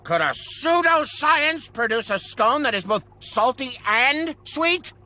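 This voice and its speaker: A man's voice: very high-pitched, animated, slow, bright, forceful tone, heavily acted. An actor playing a vain, haughty male alchemist who runs a shop in a game, with dismissive, theatrical outbursts. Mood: indignant. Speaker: alchemist shopkeeper. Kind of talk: video game voice acting.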